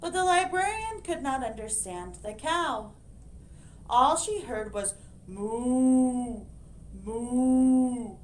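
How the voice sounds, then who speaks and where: Woman, children's librarian, picture-book read-aloud, slow, bright high voice, faint hiss. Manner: expressive and animated, pointing out the pictures.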